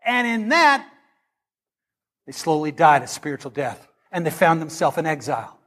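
A middle-aged man, preaching a storytelling sermon. He is animated and humorous, and swings between loud and hushed. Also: fairly high pitch, moderate pace.

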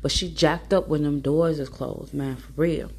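Give me a woman voicing a sad, hesitant schoolboy afraid of his mother. The voice is low and breathy, mumbled with little effort to sound different. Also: steady tone, normal speed, a little mellow. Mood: confiding.

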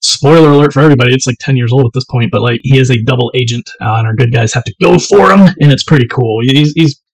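A man tells stories in relaxed, easygoing podcast chat over drinks, often tossing in "man." His voice sits in a middle range, and the recording is dry and close. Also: mid-range voice, fast talker, husky, no echo, rough recording. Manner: relaxed storyteller, laid-back, says "man" a lot. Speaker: podcast co-host. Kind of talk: casual chat over whiskey.

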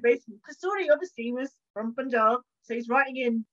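A woman historian speaks from her home with a fairly high voice, animated and chatty as she tells stories. She acts out the little exchanges she describes. The audio is dull and lo-fi. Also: quick pace, few pauses. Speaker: historian guest. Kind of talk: conversational interview. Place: home, bookshelf behind her.

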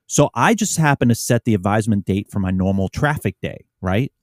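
A man who hosts a podcast for police officers, telling a story in a laid-back way and dropping to a low mutter on quoted lines. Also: animated, fairly quick, no room sound, studio quality. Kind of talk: casual storytelling.

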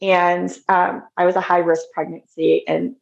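A woman in her fifties, a podcast guest, casually telling a personal faith story as a lively storyteller who fills her talk with "like" and "you know". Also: lowish voice, a little slow, creaky, lo-fi sound.

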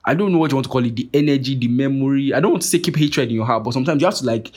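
A young man hosting a podcast, talking in a rambling, profane, animated monologue full of restarts. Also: mid-range voice, rapid-fire. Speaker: podcast host. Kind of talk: casual monologue rant.

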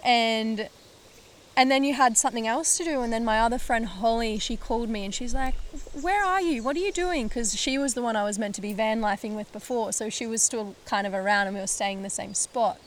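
Animated woman telling a story. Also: on the high side, fairly quick, slight background noise. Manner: animated, acts out quotes, laughs often, swears casually. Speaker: podcast host. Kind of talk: casual conversational storytelling.

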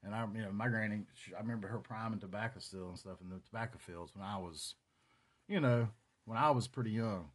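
A man's voice: fairly low pitch, brisk, husky. A man in his forties with a North Carolina Southern accent, hosting a solo podcast and reminiscing in a rambling, profane, casual way. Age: 40s. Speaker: podcast host.

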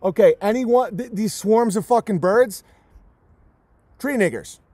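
Male stream host, high voice, dry close sound; abrasive, mocking rant delivery. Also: a little slow, warm tone, no room sound. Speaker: livestream host. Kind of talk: profane ranting monologue.

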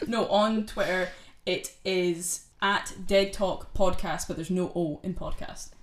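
A young woman, her voice sitting a little low. She talks as a laid-back podcast co-host, chatty and sweary, mocking a film as she tells its plot. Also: steady tone, takes it slowly, slight background noise. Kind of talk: casual chat.

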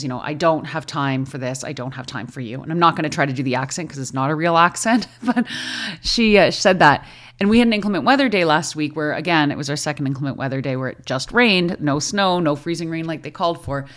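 A middle-aged woman with a low voice hosts her podcast in a relaxed, chatty way. She jumps between thoughts, restarts her sentences and talks with an animated energy. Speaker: podcast host, school librarian. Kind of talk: casual chat.

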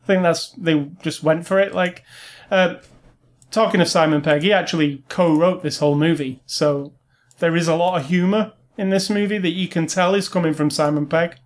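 A man's voice: a little high, steady tone, normal speed. A man in his forties chatting casually about a movie, rambling and opinionated, explaining references as he goes. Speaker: film discussion co-host. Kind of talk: casual film review chat.

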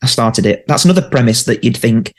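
A man's voice: medium pitch, lively intonation, fairly quick. A man co-hosting a podcast, chatting enthusiastically and laughing between points. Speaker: podcast co-host. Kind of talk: casual chat.

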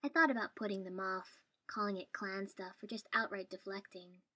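Husky woman reading a story. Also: medium pitch, normal speed, bright, forceful tone. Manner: dry, wry. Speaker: story reader. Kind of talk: first-person story narration.

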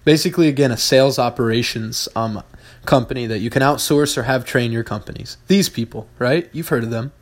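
A man in a casual podcast monologue, speaking bluntly and cursing freely. He hammers points home by repeating them. His voice sits in an ordinary middle pitch. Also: fairly quick. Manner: blunt, profane, emphatic repetition. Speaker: podcast host, business owner.

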